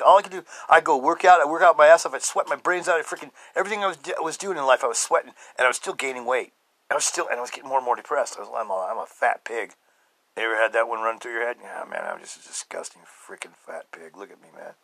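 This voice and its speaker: A middle-aged man hosting a podcast, telling his own story emphatically and swinging between loud outbursts and low murmurs. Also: very fast, no room sound, poor audio. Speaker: podcast host. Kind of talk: personal testimony monologue.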